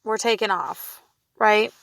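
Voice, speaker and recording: A young adult or middle-aged mother of two daughters speaks slowly in a mid-range, fairly bright voice, with no echo. As a vlogger, she gives a casual storytelling monologue about a festival trip, rambling, swearing freely and restarting her sentences.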